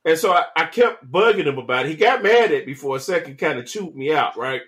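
Podcast co-host guy, kinda high voice, laid back, laughing through his story. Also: lively intonation, a little fast, fairly bright tone. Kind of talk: casual storytelling chat.

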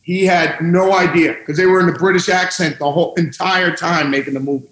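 A man's voice: high voice, a little fast, roomy sound, poor audio. A man, a guest musician, telling stories in a casual interview with lots of laughter. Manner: laughing storyteller, animated.

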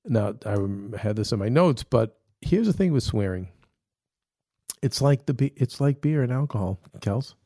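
A man's voice: mid-range voice, animated, moderate pace, dark tone, no echo, studio quality. A man co-hosting a podcast in casual chat, rambling with many restarts and fillers. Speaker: podcast co-host.

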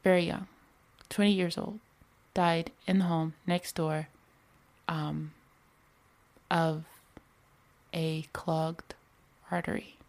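Gravelly-voiced woman podcast host. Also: lowish voice, little pitch movement, slow pace, pauses often, darkish tone. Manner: rambling, many fillers like "you know" and "like". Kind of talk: casual spiritual podcast monologue.

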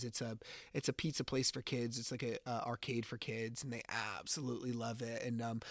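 A man hosting a podcast, telling a personal story in a casual, animated way and acting out the dialogue. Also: medium pitch, no echo, studio quality. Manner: animated, acts out dialogue while retelling. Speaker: podcast host.

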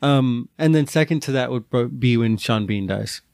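A man's voice: medium pitch, moderate pace, gravelly, darkish tone, no room sound, studio quality. A man co-hosting a podcast in casual chat, explaining earnestly and rambling with lots of fillers. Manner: earnest, hedging, heavy on fillers. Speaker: podcast co-host.

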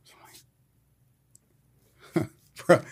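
A man in a podcast studio, recounting a police chase in casual, animated storytelling. He drops slang and acts out what people said. His voice sits at a middle pitch. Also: moderate pace. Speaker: police officer guest.

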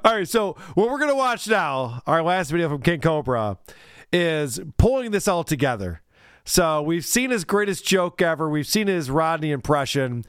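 A man's voice: fairly high pitch, very animated, normal speed, fairly bright tone, clean tone, no echo. Male podcast host, wry sarcastic commentary, dry close mic. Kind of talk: casual podcast chat.

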